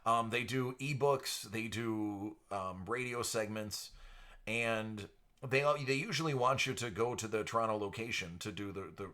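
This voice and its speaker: Bright-voiced man, chatty stream host. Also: lowish voice, normal speed. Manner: projected radio-style delivery, chatty. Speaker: live stream card breaker host. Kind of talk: casual live stream chat. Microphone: entry-level studio microphone.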